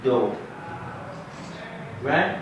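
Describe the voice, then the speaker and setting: Captured on dull, lo-fi 1990s tape through a distant mic in an echoey room, this imam's Arabic class has background noise throughout. His mid-range voice is sing-song, stretching out words as he lectures conversationally and puts questions to his students in the mosque classroom.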